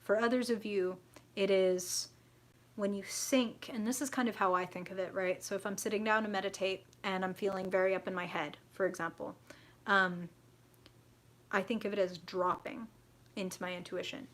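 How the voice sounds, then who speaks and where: A woman's voice: medium pitch, fairly even intonation, normal speed. A young adult woman hosting a live tarot reading, chatty and frank, swearing freely and answering viewer comments.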